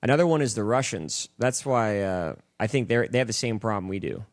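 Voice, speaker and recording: A man's voice: lowish voice, lively intonation, a little fast, no echo, clean studio sound. A young man chatting casually as a podcast guest, opinionated and swearing, heavy on fillers. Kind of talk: casual chat.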